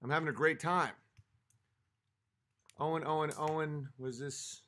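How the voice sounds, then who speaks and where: A man's voice: a little high, fairly even intonation, unhurried, pushed and bright. A man hosting a livestream, arguing with his chat in a profane, exasperated rant, a little tipsy from a few drinks. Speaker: livestream host reading chat.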